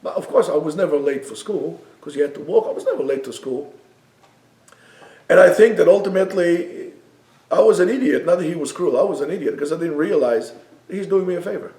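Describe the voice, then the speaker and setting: Man, lecturing a class, somewhat high voice, echoey room. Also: fairly quick, far from the mic. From Israel. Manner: animated storytelling, bursts of loud emphasis. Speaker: yeshiva teacher. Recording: echoey room, speaker away from the mic.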